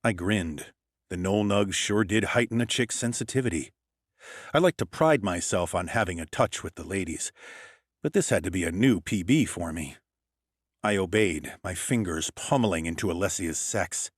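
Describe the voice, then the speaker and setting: A male narrator reads a first-person story in a cool, matter-of-fact way. His voice sits very low, with lively swings in pitch. The close-miked recording is dry, with no room sound. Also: moderate pace, no echo. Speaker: audiobook narrator.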